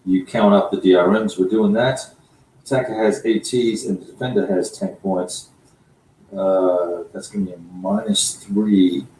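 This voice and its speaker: A man casually chatting while he plays a board wargame, thinking aloud through the rules with many pauses and fillers. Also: deep voice, fairly even intonation, mellow, echoey room, a little hiss or hum, low-quality recording. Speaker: board game player, co-host. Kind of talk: casual chat over a wargame.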